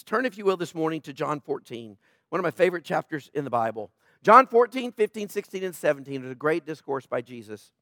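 A pastor preaching a sermon with passion, swinging between loud emphatic lines and soft, intimate asides. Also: male voice, sits high, no echo, studio quality.

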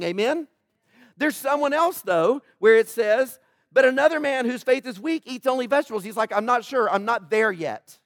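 A male pastor preaching with a lot of humor and animation, acting out the voices from the stories he tells. His voice sits high for a man. The sound is dry and close, with little room echo. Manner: animated, joking, acts out quoted voices. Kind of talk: sermon.

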